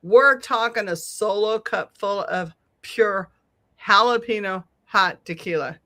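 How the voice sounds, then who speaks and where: A middle-aged woman telling a long, animated story on a podcast, swearing freely and laughing often. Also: mid-range voice, takes it slowly. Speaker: podcast co-host. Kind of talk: casual storytelling chat.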